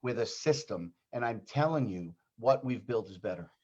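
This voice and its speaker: A man's voice: lowish voice, animated, moderate pace, darkish tone, husky, highs cut off. A man speaking as a team leader on a livestream, earnest and insistent in his pep talk.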